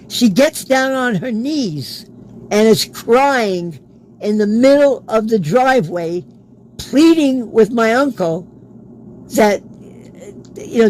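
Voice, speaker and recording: A man's voice: very high voice, expressive, slow pace, a little mellow, a little hiss or hum, low-quality recording. A man, an interview guest, telling a personal story in a casual way and acting out the quoted dialogue. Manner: acts out quoted dialogue in his stories.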